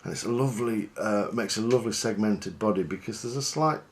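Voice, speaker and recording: A fishing guide talks through tying a fly, chatty and easygoing. He pokes fun at himself as he goes. His voice sits fairly low. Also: a little fast. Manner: chatty, relaxed, self-deprecating.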